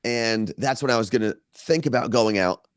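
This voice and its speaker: A man's voice: medium pitch, moderate pace, smooth, no room sound, clean studio sound. A man co-hosting a podcast, telling a long story in casual chat from a hotel room and laughing often. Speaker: podcast co-host.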